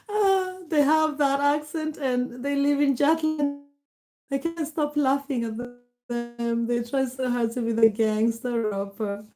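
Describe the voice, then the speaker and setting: A woman's voice: high voice, measured pace, music in the background. Chatty woman greeting livestream viewers. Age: middle-aged. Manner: warm, greets viewers by name, laughs often. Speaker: livestream host. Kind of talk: casual livestream chat reading comments.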